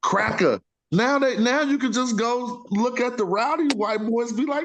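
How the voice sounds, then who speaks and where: A man's voice: very high voice, unhurried, fairly bright tone, slight background noise. A man hosting a casual talk show, rambling in loose street slang with frequent self-interruptions. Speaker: podcast host. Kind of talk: casual chat.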